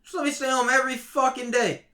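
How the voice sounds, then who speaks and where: A young man ranting heatedly on a casual podcast, swearing constantly and swinging between loud outbursts and low mutters. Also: steady tone, quick pace. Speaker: podcast co-host.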